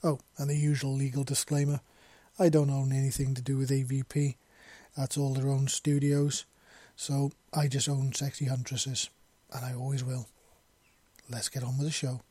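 A man's voice: medium pitch, completely flat delivery, moderate pace, mellow, breathy edge, no room sound. A Welsh man hosting his own fanfiction podcast, chatting casually before reading a chapter aloud, often stumbling and restarting words. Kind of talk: casual intro then story reading.

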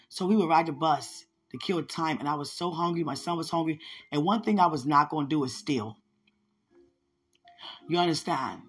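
A woman with a husky, slightly rough voice tells her personal testimony on a podcast. She talks in an earnest, conversational way and often turns to address her listeners directly. Faint music plays softly behind her. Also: deep voice, a little fast. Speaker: podcast host sharing a testimony.

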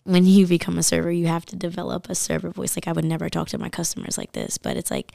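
A woman's voice: fairly low pitch, level tone, quick pace, creaky, hardly any pauses, warm tone, no room sound. A young woman from the United States telling a story in casual podcast chat, full of fillers and likes. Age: young adult.

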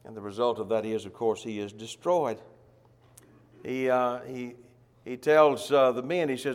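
A man's voice: mid-range voice, fairly even intonation, normal speed, in a large hall. A man preaching a sermon, telling a Bible story in a folksy way and acting out the characters' voices. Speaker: pastor.

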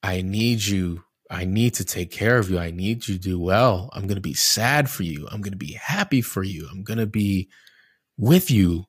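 A man's voice: low-pitched, animated, normal speed, slightly rough, dry recording, studio quality. A man in a casual conversation, talking in a reflective, candid way, restarting his sentences often as he searches for words and swearing casually now and then.

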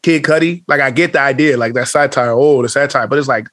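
A man's voice: medium pitch, fairly quick, a bit bright, no echo, studio quality. Blunt, slangy man on a podcast. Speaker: podcast co-host. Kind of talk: casual podcast chat.

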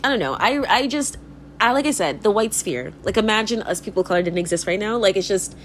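A young woman talks through a rambling, profane podcast monologue, her pitch leaping up and down as she goes. She peppers every sentence with "like" and breaks into frequent laughter. A faint hiss sits under the recording. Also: expressive, fast talker. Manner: fills speech with "like". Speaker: podcast host. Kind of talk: casual monologue.

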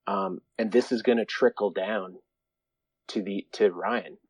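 A laid-back man with a lowish voice, talking in an easygoing way as a podcast guest. The sound is close and dry, with no room around it. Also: steady tone, measured pace, husky, no room sound, poor audio. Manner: mellow, easygoing. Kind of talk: casual chat.

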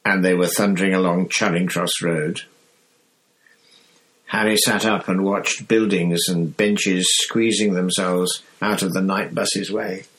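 Male audiobook narrator, low voice, steady measured storytelling. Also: poor audio. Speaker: audiobook reader. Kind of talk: scripted narration.

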